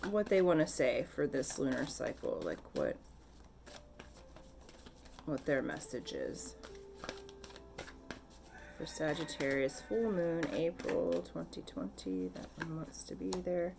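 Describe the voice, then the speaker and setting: A woman giving a casual spiritual card reading, soft and gentle, tearful and emotional, with lots of fillers. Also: low voice, creaky, background noise. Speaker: tarot and oracle card reader.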